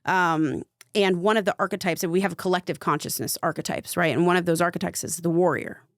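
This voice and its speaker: A woman's voice: fairly low pitch, steady tone, fast, no room sound, clean studio sound. A young adult woman, a spiritual coach guesting on a podcast, telling a personal story in a casual, chatty way full of fillers. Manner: chatty, fillers of "like", vivid retelling.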